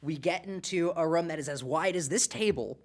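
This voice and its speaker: A man's voice: fairly high pitch, a little fast. A man co-hosting a laid-back podcast, spinning a story in loose, rambling chat. He leans on fillers and restarts and breaks into laughter often. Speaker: podcast co-host.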